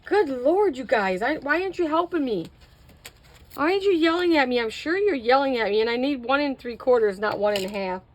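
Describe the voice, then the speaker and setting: A woman's voice: sits high, expressive, fairly quick, hardly any pauses, slight background noise. Chatty woman narrating a craft tutorial. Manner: chatty, self-mocking, talks to viewers while working. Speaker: craft video host.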